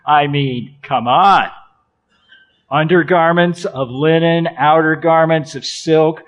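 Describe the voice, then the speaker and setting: A male pastor delivers a sermon with a high-pitched voice and an unhurried pace. He is animated and playful. His delivery swings from loud exclamations down to hushed, whispered asides. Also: highs cut off.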